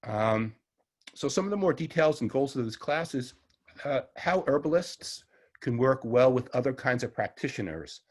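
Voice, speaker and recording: A man's voice: medium pitch, animated, moderate pace. A middle-aged man with a Long Island New York accent, teaching an online herbalism class in a chatty, rambling way that often corrects itself. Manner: rambling, chatty, self-correcting with small laughs. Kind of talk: casual online class lecture.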